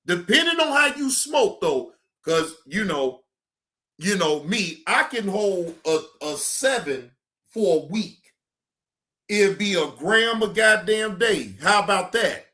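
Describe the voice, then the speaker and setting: A man's voice: high voice, lively intonation, slow, sharp tone. A middle-aged man hosting a stream, ranting casually in a drawling, profane, emphatic way. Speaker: streamer host. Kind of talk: casual live-stream rant.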